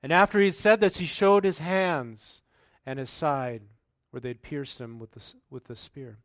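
A male pastor giving a sermon, reading scripture aloud and then commenting in a relaxed, conversational way with rhetorical questions. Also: fairly high pitch, a little slow, no echo.

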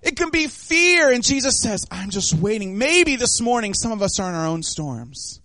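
Animated high-voiced male preacher. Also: moderate pace, no echo. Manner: animated, acts out voices of the disciples and of God. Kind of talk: sermon.

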